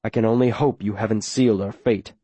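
A man's voice: fairly low pitch, steady tone, dark tone, husky, no room sound. Man voicing a grave, stern town leader. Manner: measured, grave, authoritative. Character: stern middle-aged male town leader.

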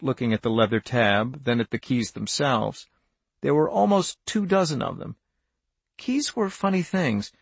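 Male narrator for a novel, gravelly mid-range voice, even and measured, dry booth sound. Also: mid-range voice, dry recording. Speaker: audiobook narrator.

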